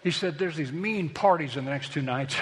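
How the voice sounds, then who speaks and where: A man's voice: on the high side, normal speed, long reverb tail, crowd noise. A middle-aged man, a pastor, preaching a sermon in a conversational, storytelling way that builds to emphatic points.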